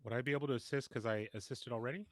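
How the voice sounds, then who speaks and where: A man's voice: mid-range voice, steady tone, racing, no echo. A man playing a tabletop game, hesitant and laughing often. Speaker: player. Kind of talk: casual tabletop play.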